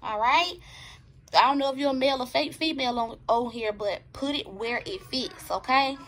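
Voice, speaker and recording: Blunt, bright-voiced woman tarot reader. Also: high-pitched, normal speed. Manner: blunt, profane, keeps checking in with "okay?". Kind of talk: casual tarot reading for viewers.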